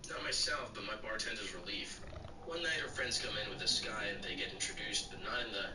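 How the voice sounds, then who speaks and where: A man's computer-generated voice reading short stories aloud in a flat, even way. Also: on the low side, fairly quick. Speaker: story narrator. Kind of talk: text-to-speech reading of bartender stories. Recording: echoey, distant, noisy.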